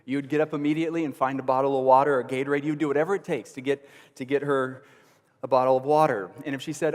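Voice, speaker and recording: Guy preaching a sermon, mid pitch, gets loud then drops real low, big echoey hall sound. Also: steady tone, fast talker. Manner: earnest preaching, rising to emphatic bursts then dropping low. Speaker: pastor.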